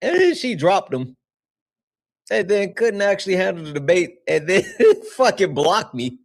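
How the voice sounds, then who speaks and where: Hosting a livestream, this man has a high, gravelly voice and a measured pace. He chats casually and animatedly, swearing heavily and laughing frequently.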